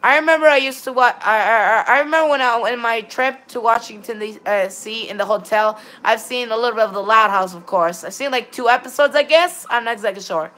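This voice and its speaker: A woman streaming live gameplay who rambles, reads viewer chat aloud and greets viewers, with sudden excited bursts and a habit of repeating "all right then". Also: on the high side, fairly quick, few pauses. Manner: sudden excited bursts when directing players. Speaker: game streamer.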